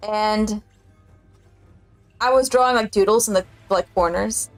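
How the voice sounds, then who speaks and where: A woman's voice: medium pitch, a little slow, no room sound, faint music behind. A woman, telling a story in casual chat as a streamer and laughing often.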